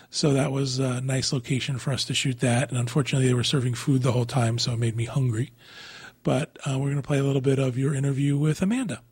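A man hosting a podcast in casual chat, relaxed and teasing. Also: mid-range voice, slightly rough, no echo. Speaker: podcast host.

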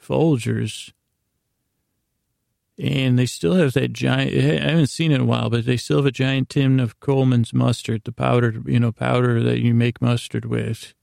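A man hosting a slow bedtime podcast, recapping a TV episode in a meandering, hesitant way with frequent restarts. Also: medium pitch, fairly even intonation, creaky, a little mellow, no room sound, studio quality. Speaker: podcast host.

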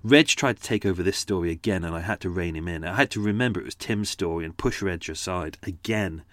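A low-voiced man hosts his podcast, rambling casually to listeners and telling stories, with no room sound. He talks fast and chattily, puts himself down, and uses frequent fillers and restarts, doing character accents in his stories.

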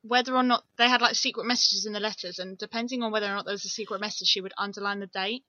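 Bright-voiced young woman, blunt. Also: medium pitch, steady tone, no echo, low-quality recording. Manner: blunt, swearing, quick outraged remarks. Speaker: podcast co-host. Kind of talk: casual true-crime chat.

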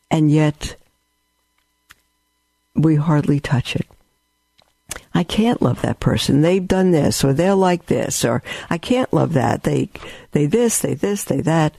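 A man's voice: a little high, gravelly, no room sound. A man giving a rambling spiritual talk, telling stories with asides. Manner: storytelling, warm and rambling with asides. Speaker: religious teacher.

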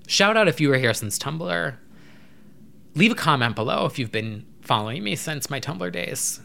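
A young adult man vlogging to camera, rambling in an animated, casual way with occasional swearing. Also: a little high, moderate pace, gravelly.

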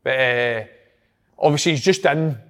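A man's voice: medium pitch, unhurried. A Scottish man chatting casually about football results, with the odd swear word. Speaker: football podcast panelist. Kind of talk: casual chat.

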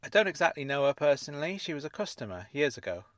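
A man voicing a sharp-tongued middle-aged woman fraudster who speaks in a measured, wry way. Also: a little high, very animated, no room sound, voice pushed up. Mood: guarded.

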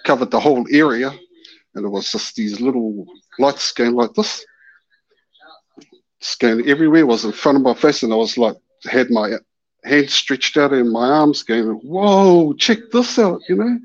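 Man, caller, animated storyteller, mid-pitched voice, dull lo-fi line. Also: moderate pace. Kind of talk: casual storytelling. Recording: dull lo-fi call-in audio.

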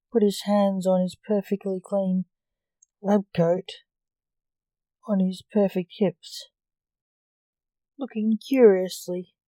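Woman narrator, dark storybook, measured, slow, mellow, dry close sound. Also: mid-range voice, dry recording, low-quality recording.

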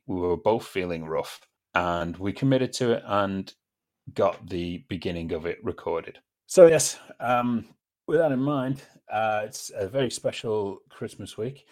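Man, from Britain, fairly low voice, wry, conversational, podcast co-host. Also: a little mellow. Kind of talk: casual film podcast chat.

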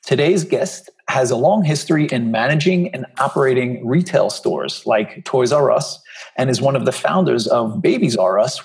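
A man's voice: medium pitch, vocal fry, rough recording. A man hosting a podcast interview, reading a scripted introduction and then chatting with his guest in a friendly way. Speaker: podcast host. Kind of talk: conversational interview.

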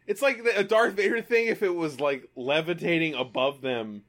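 A man's voice: on the high side, normal speed, fairly bright tone. A man co-hosting a casual movie-review podcast, joking and laughing often. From Italian family background. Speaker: podcast co-host.

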